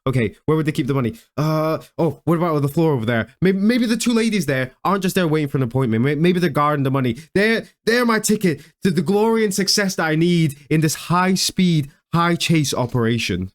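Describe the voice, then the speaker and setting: A man's voice: fairly high pitch, expressive, brisk, hardly any pauses, lightly acted. A man putting on the voice of a dim, deluded robber who hums and stammers as he thinks aloud. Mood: musing. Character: dim, deluded male robber, muttering to himself.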